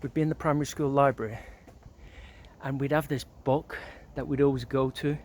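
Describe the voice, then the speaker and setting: A man's voice: mid-range voice, steady tone, brisk, a little mellow, a little hiss or hum. A middle-aged man walks around an outdoor neighbourhood. He reminisces in a loose, rambling way, full of filler words and casual swearing. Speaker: vlogger.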